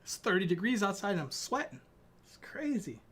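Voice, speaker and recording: A tired, sweating young sim racing streamer from Ireland chats casually with his live-stream audience in a lively, high-pitched voice with a breathy edge, at normal speed. He rambles and mocks himself while fiddling with gear and talking to chat.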